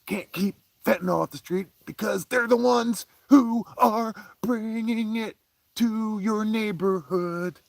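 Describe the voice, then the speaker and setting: Profane ranting man, voice on the high side. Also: slow, gravelly, dry recording. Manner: profane, heated, swinging from low mutters to raised outbursts. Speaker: podcast host. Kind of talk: casual ranting monologue.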